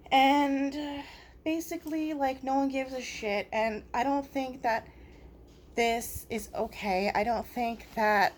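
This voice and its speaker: A woman's voice: sits high, steady tone, slow pace, a little hiss or hum. A woman vlogger talking straight into her phone camera about a personal complaint, blunt and profane, leaning on fillers like "basically" and "like".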